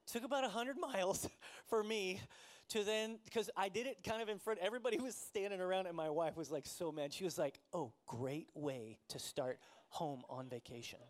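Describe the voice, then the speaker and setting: A man with a notably high voice preaching a sermon. He tells a personal story in a relaxed, conversational way and often laughs at himself. He sounds like a pastor in his forties. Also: fairly quick.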